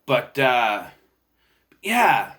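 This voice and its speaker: Bright, rambling young man reviewing a film. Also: medium pitch, very animated, extremely slow. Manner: rambling, unsure, lots of restarts and self-corrections. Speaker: movie reviewer. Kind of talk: casual spoken film review.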